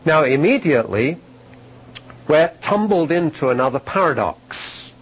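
A man's voice: fairly high pitch, big pitch swings, unhurried, breathy edge, poor audio. A man giving a sermon-style Bible teaching to a live audience. He talks conversationally, asks his listeners questions, ends points with "okay?" and repeats key phrases for emphasis.

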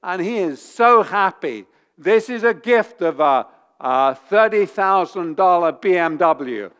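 A man's voice: sits high, takes it slowly, clean tone. A man preaching a sermon, repeating his points and growing heated as he drives them home. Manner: animated, repeats points with rising force. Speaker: pastor.

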